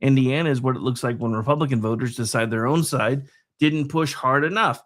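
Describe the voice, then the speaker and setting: A man hosting a political talk show, delivering a sarcastic, digressive commentary monologue that swings between loud and soft. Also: mid-range voice, a little fast.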